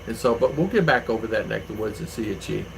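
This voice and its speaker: A man's voice: fairly low pitch, lively intonation, fast, gravelly, background noise. A man hosting his own channel, chatting casually with viewers and rambling through stories with lots of fillers. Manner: rambling, anecdotal, with many fillers. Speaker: vlogger, channel host. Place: home in the Philippines.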